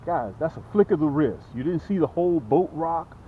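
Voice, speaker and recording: An excited man hosts a fishing vlog from a small boat, chatting straight to his viewers. His voice swings animatedly up and down and sits a bit high. The outdoor recording is dull and lo-fi, with a faint wash of noise behind him. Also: brisk. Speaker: fishing channel host. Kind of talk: casual fishing vlog commentary.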